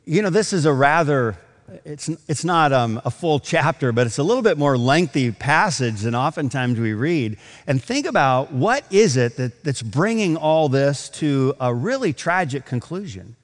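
A man's voice: fairly high pitch, animated, moderate pace, big-room sound. A man preaching a sermon, telling a story with acted quotes and building to emphatic points. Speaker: pastor.

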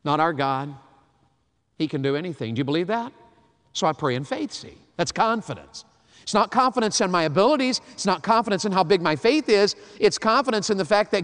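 A man, preaching a sermon, swinging from hushed to loud. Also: a little high, animated, fairly quick. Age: 50s. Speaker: pastor. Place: large church hall. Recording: long hall reverb.

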